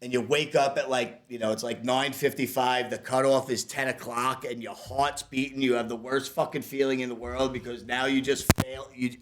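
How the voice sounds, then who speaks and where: Profane, animated chef from Staten Island. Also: male voice, medium pitch, normal speed, few pauses, slight background noise. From Staten Island, New York. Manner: profane, laughing, animated storytelling. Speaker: podcast co-host, chef. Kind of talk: casual podcast chat.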